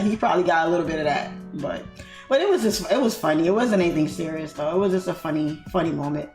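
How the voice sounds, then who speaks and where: Woman host, giggly chatty storyteller, slangy, roomy sound with soft music behind. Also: fairly low pitch. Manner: laughing storyteller, loose slangy talk. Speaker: trading livestream host. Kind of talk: casual chat while trading.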